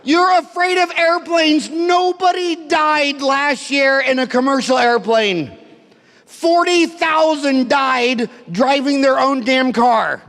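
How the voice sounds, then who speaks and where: A man's voice: very high voice, slow pace, fairly bright tone. A middle-aged man giving a brash, profane, comedic rant at a seminar, telling stories one after another. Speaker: seminar speaker. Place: conference hall. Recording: hall reverb, live seminar.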